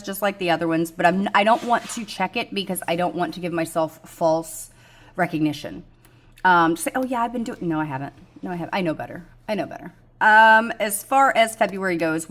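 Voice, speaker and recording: A middle-aged woman, chatting frankly about her budget goals, rambling with many ums and poking fun at herself. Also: fairly low pitch. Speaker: budgeting vlogger. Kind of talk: casual chat to camera.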